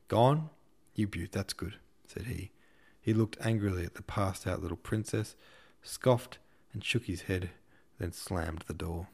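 A man narrating an audiobook in a steady, measured reading style. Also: low voice, gravelly. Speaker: audiobook narrator and podcast host.

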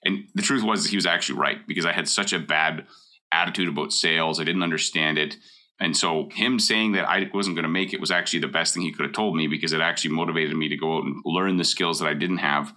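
Deep-voiced, fast-talking, blunt middle-aged man. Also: bright, forceful tone. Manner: blunt, emphatic, repeats key points. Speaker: mortgage broker. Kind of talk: casual advice talk.

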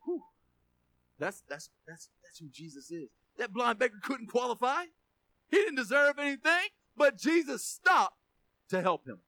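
High-voiced preacher, bright and dry. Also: male voice, very animated, unhurried, no room sound. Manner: emphatic, repeats words, asks congregation for amens. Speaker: pastor. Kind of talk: sermon.

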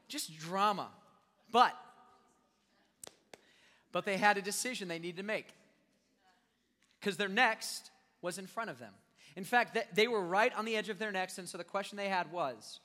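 A young man preaching a sermon, animated and joking with the crowd as he acts out scenes. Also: high voice, measured pace, long pauses. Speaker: youth pastor. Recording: long reverb of a large hall.

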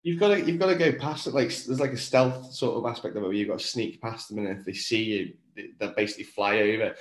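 A man with a Wirral accent co-hosting a casual chat, thoughtful and musing, his voice often trailing quieter. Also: on the low side, quick pace. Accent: Wirral, Merseyside. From England. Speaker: podcast co-host. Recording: roomy echo.

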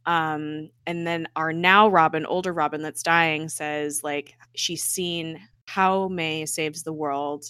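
A woman with a low pitch and a bright, forceful tone tells an episode's story in casual podcast chat. She acts out the characters' lines and laughs often. The sound is close and dry. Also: fairly even intonation, slow pace, hardly any pauses, clean tone, dry recording. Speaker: podcast co-host recapping a TV episode.

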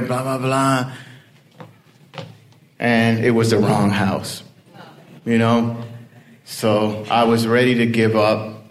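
Slow-talking man telling a story. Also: medium pitch. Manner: conversational, rambling with many "you know" fillers. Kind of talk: personal storytelling.

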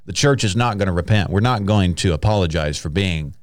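A man's voice: low-pitched, expressive, fairly quick, dry recording. A man hosting a Christian podcast in a studio, chatting casually, laughing often and sprinkling in praise exclamations. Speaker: podcast host.

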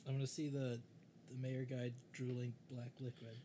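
A man's voice: medium pitch, completely flat delivery, moderate pace, mellow, a little hiss or hum. A man playing a tabletop role-playing game, asking the game master about his moves step by step. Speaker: player. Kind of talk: casual tabletop game play.

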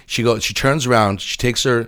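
A man's voice: medium pitch, fairly even intonation, a little fast, fairly bright tone. A man, co-hosting a podcast in blunt, profane, ranting casual banter. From Massachusetts. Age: 40s. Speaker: podcast co-host.

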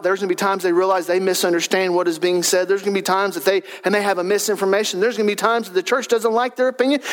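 A pastor preaching a sermon in a church, animated, his voice swelling to shouts for emphasis. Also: high voice. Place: church sanctuary.

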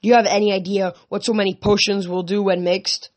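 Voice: flat delivery, a little fast, close to an everyday voice. A reader voicing a scheming, vengeful ancient sorceress woman in an audiobook reading, theatrical and mocking. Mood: shrill. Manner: theatrical, mocking, then shrill and threatening.

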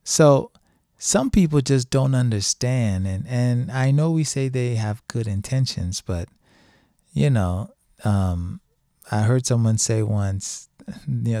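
A man's voice: medium pitch, animated, slow pace, dark tone, no echo, clean studio sound. A middle-aged man speaking in a casual, emphatic monologue, repeating phrases for stress as a podcast host.

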